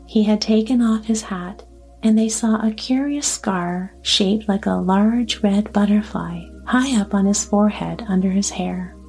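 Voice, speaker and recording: A woman narrating a storybook in a calm, even way. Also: medium pitch, measured pace, husky, faint music behind. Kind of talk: storybook reading.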